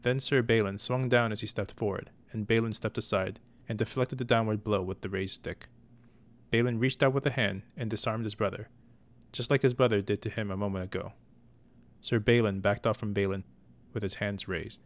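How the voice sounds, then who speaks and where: Male audiobook narrator, lowish voice, steady and measured reading of a fantasy tale. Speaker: audiobook reader. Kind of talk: storybook narration.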